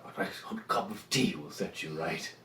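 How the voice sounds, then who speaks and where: A man voicing a reclusive old male mage who mutters hesitantly in a soft, breathy voice. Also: low voice, expressive, moderate pace, roomy sound, recorded from a distance, a little hiss or hum. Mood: muttering.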